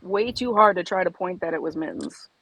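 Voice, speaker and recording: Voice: mid-range voice, brisk, fairly bright tone, dry recording, rough recording. A livestream caller in casual chat, blunt and direct. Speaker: live stream participant.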